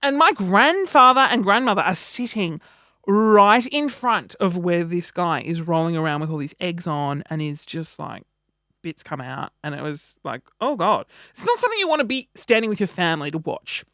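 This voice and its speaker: A woman, telling a story in a casual vlog with animated, wry delivery. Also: lowish voice, normal speed, no room sound, studio quality. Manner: animated, wry, acts out quoted reactions. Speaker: vlogger.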